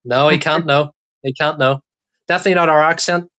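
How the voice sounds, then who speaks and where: A Northern Irish man talks quickly and chattily as a guest on a casual live stream. His voice is bright and fairly high. He loops back over his own phrases, sprinkling in "aye" and "wee bit" as he goes. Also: fairly even intonation. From Northern Ireland. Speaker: guest YouTuber. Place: his room at home.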